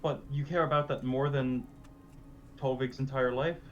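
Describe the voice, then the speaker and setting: A man with a mid-pitched voice asks probing questions in character during a tabletop role-playing game. His voice comes through dull, lo-fi audio. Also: fairly even intonation, normal speed, a little hiss or hum.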